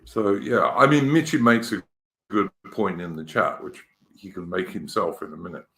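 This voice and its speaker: A man's voice: low voice, moderate pace, vocal fry, a bit bright, reverberant. A middle-aged man with an English accent, hosting a casual live-stream chat, rambling and opinionated. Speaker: podcast host.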